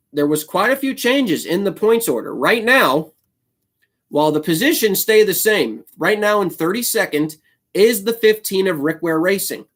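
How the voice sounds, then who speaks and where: A man hosting his own solo video show, talking casually and slipping into a heated, apologetic rant. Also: on the high side. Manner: ranting, apologetic, fired up; frequent fillers and restarts. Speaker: YouTube host.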